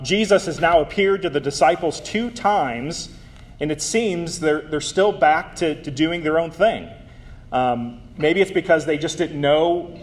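A man preaching a sermon in a conversational way, with frequent ums and small self-corrections. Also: a little high.

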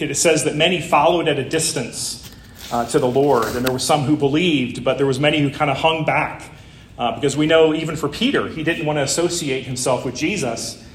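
A man's voice: a little high, reverberant, a little hiss or hum. A man preaching a Palm Sunday sermon, conversational and full of rhetorical questions. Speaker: pastor.

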